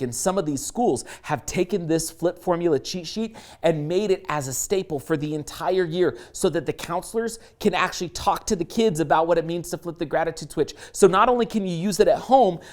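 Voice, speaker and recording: A man in his thirties presenting a motivational parenting lesson in an upbeat, encouraging and direct way. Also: a little high. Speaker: course presenter and speaker.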